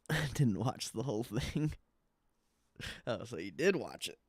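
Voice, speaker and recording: A man's voice: medium pitch, sing-song, takes it slowly, husky, no room sound, studio quality. A man hosting a casual livestream, joking loosely and laughing often, saying his voice feels off. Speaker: livestream host.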